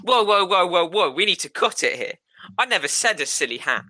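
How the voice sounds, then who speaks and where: A man co-hosting a podcast, improvising a comedy sketch and chatting in an excitable, flustered way, laughing often. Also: high voice, a little fast. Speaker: podcast co-host.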